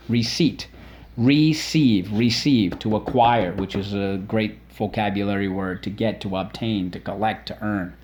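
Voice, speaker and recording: Middle-aged guy teaching kids spelling, repeats every word, breaks it into syllables. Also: medium pitch. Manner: lively, repeats words and sounds out syllables. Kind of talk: spelling lesson for children.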